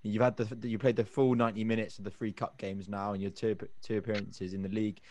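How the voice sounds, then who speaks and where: A man's voice: lowish voice, level tone, fast talker, darkish tone, no echo. Man asking rambling questions, dry sound. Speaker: podcast host. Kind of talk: interview questions.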